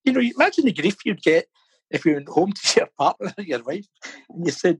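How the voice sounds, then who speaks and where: Sing-song and high-pitched, a middle-aged man talks fairly quickly in a slightly rough voice as an interview guest and fan campaigner. He laughs a lot and repeats words as he works out his thoughts during this casual storytelling chat, recorded rough and dry over a phone or video call.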